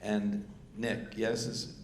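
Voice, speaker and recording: A man's voice: lowish voice, level tone, takes it slowly. A man, a festival artistic director, interviewing a guest on stage, with frequent affirming backchannels. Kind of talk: onstage festival discussion. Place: festival event venue. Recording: echoey room, faint noise.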